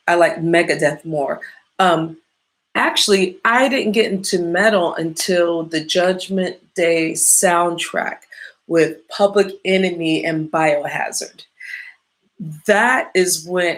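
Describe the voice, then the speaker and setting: A woman from the American Midwest chatting casually as a podcast host, rambling, swearing freely and often losing her train of thought. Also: on the low side. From Midwestern United States. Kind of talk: casual chat.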